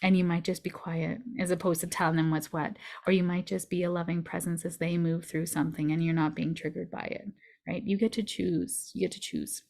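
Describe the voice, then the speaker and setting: A woman's voice: fairly low pitch, little pitch movement, fairly quick, vocal fry, a little mellow. A woman astrologer giving a casual weekly forecast in a chatty, reflective way, often adding "right?" to her points.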